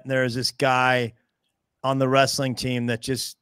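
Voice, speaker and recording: A man's voice: mid-range voice, unhurried, smooth, dry recording, studio quality. A man in his fifties from the American Midwest, a stand-up comedian telling stories as a guest in a casual podcast chat, acting out the dialogue. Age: 50s. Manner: animated storyteller who acts out dialogue.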